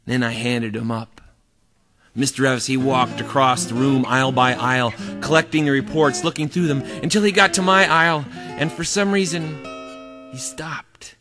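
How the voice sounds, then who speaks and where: A male storyteller telling a funny school story in an animated way, sometimes singing. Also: medium pitch, normal speed. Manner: animated, sings the silly song. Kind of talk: live storytelling to music. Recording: reverberant hall, guitar behind.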